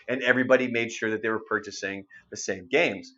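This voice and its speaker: A man's voice: medium pitch, fast, hardly any pauses, dull audio. A man in his thirties hosting a radio show's online segment, chatting casually and animatedly, with frequent swearing. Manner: animated, swearing, acts out quotes. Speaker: radio show host. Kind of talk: casual storytelling chat.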